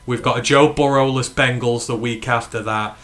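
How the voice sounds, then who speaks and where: A man from the UK hosting a live fan watch-along stream, talking in an excited, emphatic way and swearing freely. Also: medium pitch, normal speed. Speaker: fan podcast host.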